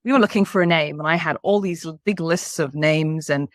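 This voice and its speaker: A woman's voice: low voice, fairly quick, no echo, clean studio sound. A woman in her fifties from the United Kingdom, a leadership coach being interviewed on a podcast. She speaks enthusiastically and at length. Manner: enthusiastic and talkative.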